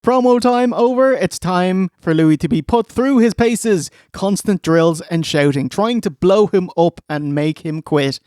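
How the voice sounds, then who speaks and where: A man's voice: sits high, unhurried, few pauses, a little mellow, smooth, no room sound. A man co-hosting a podcast, narrating a recap with wry, dry asides.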